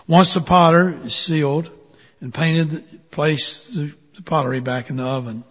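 A man telling a parable in a sermon, slow and deliberate. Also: fairly high pitch, steady tone, fairly bright tone, breathy edge. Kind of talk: sermon storytelling. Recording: dull sound with long hall reverb.

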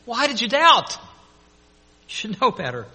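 A gentle, reassuring man speaks kindly to frightened followers, as a preacher acts him out. His voice is high and bright. A long hall reverb follows. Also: huge pitch swings, slow, heavily acted.

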